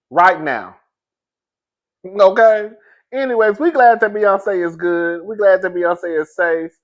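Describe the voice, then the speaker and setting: A man telling a comic story in a lively way, laughing often and saying "girl" in almost every line. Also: sits high, measured pace. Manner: animated, laughs often, says "girl" constantly. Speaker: comedic commentator.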